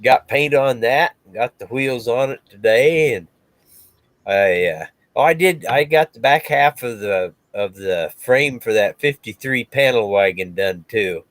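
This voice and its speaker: A man chatting casually on a video call, halting and correcting himself as he talks. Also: mid-range voice, lively intonation, dry recording. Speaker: guest. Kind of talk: casual chat.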